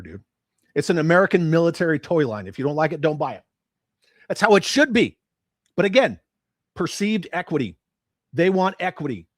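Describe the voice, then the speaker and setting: A man's voice: a little high, slightly rough, no room sound, clean studio sound. A man hosting a livestream, ranting with profanity and sarcasm about his hobby. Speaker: livestream host.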